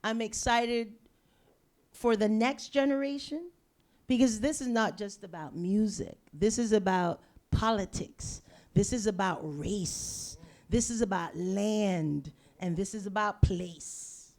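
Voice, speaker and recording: A woman's voice: mid-range voice, slow pace, a little mellow. A woman from Panama speaking as a panelist in an emphatic, passionate way, repeating and restarting phrases.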